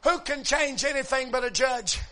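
High-voiced man preaching a fervent sermon. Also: normal speed, pushed and bright.

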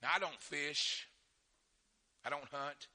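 A middle-aged man preaching a sermon, telling folksy stories and swinging from quiet asides to shouted fervor. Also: a little high, slow pace.

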